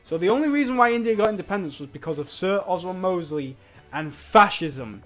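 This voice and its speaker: A man's voice: sits high, animated, a little fast, fairly bright tone, soft background music. A young British man in his twenties streaming a game, chatting casually in a mock-boastful, provocative way and laughing at his own jokes. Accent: British English. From Britain.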